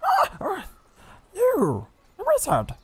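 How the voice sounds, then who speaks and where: A man voicing a panicky, excitable male gnome in a tabletop game, squeaky and frantic. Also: unhurried, slight background noise, full character voice. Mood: startled.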